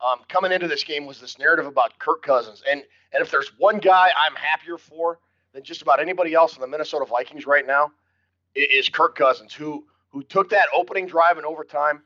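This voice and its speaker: An older man chatting about a game in a bright, slightly raised voice, jovial and easygoing. He often stumbles over his first words before getting going. The audio is dull and lo-fi. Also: on the high side, a little fast. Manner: jovial, repeats words when starting a thought. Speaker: podcast co-host. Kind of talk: casual sports chat.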